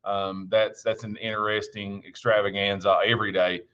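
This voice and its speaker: A man speaks in a lowish voice, delivering a casual church devotion like a friendly chat. He tells homely stories earnestly, often stopping to restart a phrase. The recording is dull and lo-fi. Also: level tone, moderate pace, a bit bright, clean tone. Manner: folksy, earnest storytelling with frequent restarts. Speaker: church devotion speaker and school bus driver. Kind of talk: informal filmed devotional talk.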